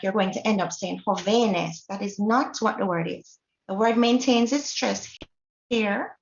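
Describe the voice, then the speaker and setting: A woman with a Jamaican accent teaching a Spanish lesson, explaining each point and checking in with the class. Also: mid-range voice. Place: classroom or workshop hall. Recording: roomy, dull lo-fi recording.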